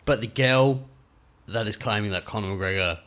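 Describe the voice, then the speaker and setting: A man's voice: lowish voice, normal speed, fairly bright tone. A man hosting a podcast, talking bluntly and cracking profane jokes in casual chat. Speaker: podcast host.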